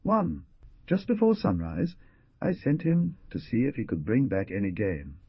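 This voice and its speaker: A man's voice: medium pitch, wildly swooping pitch, unhurried, slightly rough, no echo, heavily acted. Timid young woman, read by a man. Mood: pleading. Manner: soft, pleading. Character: timid gentle young woman at a remote inn. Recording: dull dry lo-fi recording.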